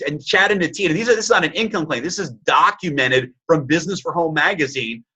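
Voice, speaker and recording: A man's voice: on the high side, lively intonation, fast talker, bright, forceful tone, husky. A man in his forties hosting a webinar, upbeat and hyped, with many fillers. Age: 40s. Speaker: webinar host. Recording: lo-fi webinar audio.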